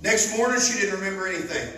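High-voiced, fervent preacher. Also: male voice, lively intonation, fast talker. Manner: fervent storytelling preacher, bursts into loud emphasis. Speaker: pastor. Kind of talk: sermon. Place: church sanctuary. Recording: echoey church hall, mic at a distance.

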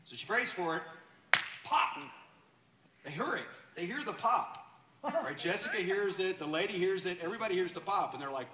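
A man preaching a sermon in a church and telling a story in a loose, chatty way, with fillers and quick laughs. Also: a little high, expressive, pushed and bright, slight background noise. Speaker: pastor. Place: church sanctuary. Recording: echoey church room, distant mic.

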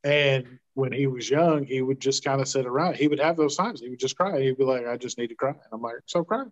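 A middle-aged man co-hosting a podcast in casual chat, relaxed and folksy with homespun sayings. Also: mid-range voice, a little fast, muffled recording. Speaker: podcast co-host.

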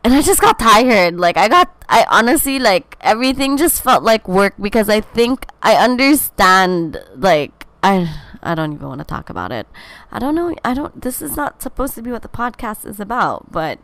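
A woman's voice: medium pitch, big pitch swings, moderate pace, a bit bright, no room sound. Tired young woman chatting. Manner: candid and scattered, with many fillers and restarts. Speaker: podcast host. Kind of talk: casual rambling podcast chat. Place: home.

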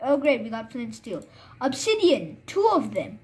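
A woman giving live, chatty gameplay commentary, excitable and full of fillers. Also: fairly high pitch, unhurried. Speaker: gamer.

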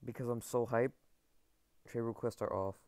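A man giving excited gameplay commentary to his viewers. He stammers and repeats himself and keeps calling them guys. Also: mid-range voice, normal speed, dry recording. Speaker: gaming video creator.

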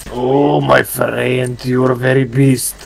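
A man's voice: medium pitch, little pitch movement, takes it slowly, vocal fry, slight background noise. A man trolling other players over in-game voice chat, crude and boastful in broken English. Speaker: gamer trolling online players.

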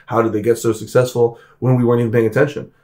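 A man speaking as a podcast guest in casual chat, animated and emphatic, swearing and acting out quotes. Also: medium pitch, very fast.

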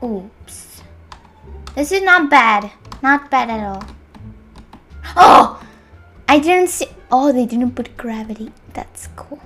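Young woman, gameplay commentary, high bright voice, faint music behind. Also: slow, pauses often. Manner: frustrated, excitable, swings between loud outbursts and muttering. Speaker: gamer.

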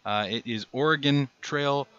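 A man's voice: medium pitch, a little slow, fairly bright tone, lo-fi sound. A man host giving casual, rambling, self-mocking commentary while playing a game. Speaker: gaming channel host. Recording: faint game music behind. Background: game music.

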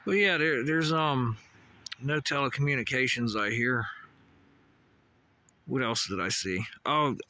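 A man's voice: medium pitch, measured pace, long pauses, sharp tone. A man vlogging on a hilltop walk, rambling and swearing casually as he chats to animals and trees, recorded outdoors on a phone. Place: outdoors on a hilltop walking path. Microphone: phone camera.

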